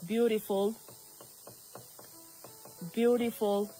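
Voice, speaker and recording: A woman's voice: fairly high pitch, animated, measured pace, long pauses, faint music behind, rough recording. A woman from Ethiopia teaching a recorded grammar lesson, repeating words and asking the class questions as she goes.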